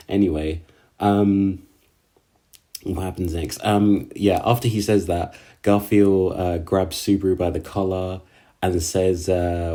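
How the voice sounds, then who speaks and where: A man casually recapping an anime episode, halting with lots of fillers and slangy asides. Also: low-pitched, mellow. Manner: halting, filler-heavy, slangy, laughs at own jokes.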